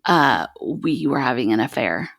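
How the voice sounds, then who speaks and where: Low-voiced woman telling a raw personal story. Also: very animated, measured pace, a bit bright, husky, no room sound, studio quality. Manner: raw, earnest, frequent "like" and "um". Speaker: podcast host sharing her own story as guest.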